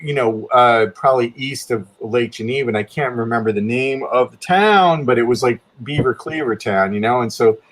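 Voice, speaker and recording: A man's voice: moderate pace, hardly any pauses, fairly bright tone. A man casually telling a long story with many restarts, his voice jumping up when he quotes himself. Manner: rambling, many restarts, pitch jumps up when quoting himself. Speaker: guest artist telling a story.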